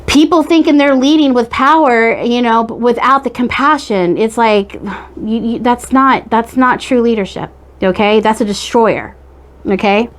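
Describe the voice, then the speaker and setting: A woman's voice: on the high side, unhurried. A woman giving a casual tarot reading. She talks in a chatty, rambling way and keeps checking in with her listeners. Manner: chatty, rambling, frequent "okay?" check-ins. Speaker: tarot reader.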